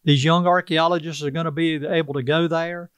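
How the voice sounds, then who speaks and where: A man's voice: a little high, steady tone, a little fast, fairly bright tone, smooth, dry recording. An older man from South Carolina with a Carolina Southern accent, talking in a folksy, earnest way as an interview guest. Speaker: tribal chief, interview guest. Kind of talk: casual interview talk.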